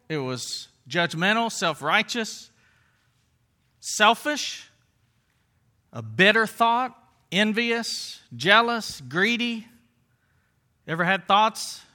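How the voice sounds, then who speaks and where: A man's voice: high voice, sharp tone. A man preaching a sermon as pastor, talking conversationally and piling up rhetorical questions.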